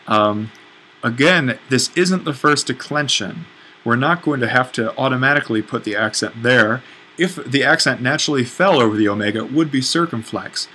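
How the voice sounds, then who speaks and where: A man gives a recorded lecture in a bright, forward voice. He explains patiently and thinks aloud, pausing on fillers and fixing his own slips. A faint hiss sits under the recording. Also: mid-range voice, poor audio. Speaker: teacher.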